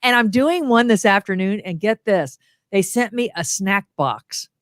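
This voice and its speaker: Over a video call, a middle-aged motivational humorist chats as a guest in a casual interview, animatedly telling stories and voicing the quotes she recounts. Her mid-range voice moves at an unhurried pace, recorded at studio quality with no room sound.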